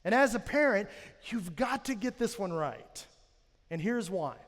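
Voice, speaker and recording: Brief: thirties male pastor, high tenor voice, joking parenting sermon, church hall reverb. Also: very animated, unhurried, a bit bright. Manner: storytelling, self-mocking humor. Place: church auditorium.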